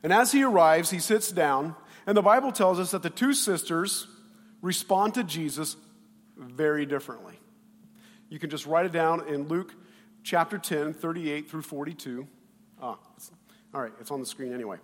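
A man pastor preaching a sermon in an animated way, with loud bursts and quiet asides, acting out the quoted voices. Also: on the high side, moderate pace, long reverb tail.

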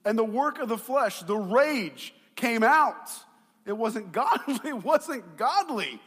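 A middle-aged male pastor preaching a sermon, telling a personal story in an animated way, with quiet asides that build to shouts. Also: very high-pitched, slow pace, breathy edge. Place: church sanctuary. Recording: long hall reverb.

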